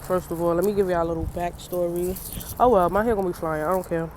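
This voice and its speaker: A woman's voice: lowish voice, steady tone, fast talker, darkish tone, slight background noise. A young woman talking to her camera in a casual personal vlog, chatty and loose, laughing often, her eyes swollen from crying, outdoors in the cold. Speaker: vlogger.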